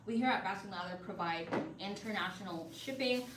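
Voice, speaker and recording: An upbeat, chatty woman pitches hair products on a live stream, calling out to her viewers in a friendly, casual way. She sits a little back from the mic in an echoey room. A faint hum of ambience runs underneath. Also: fairly quick, distant mic. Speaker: livestream seller.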